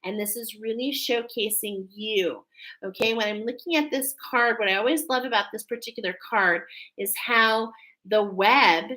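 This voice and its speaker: On a low-quality recording, a woman delivers a channeled oracle card reading at a moderate pace, her voice a little high, bright and forceful. Earnest, emotional and effusive, she repeatedly checks in by asking "okay?"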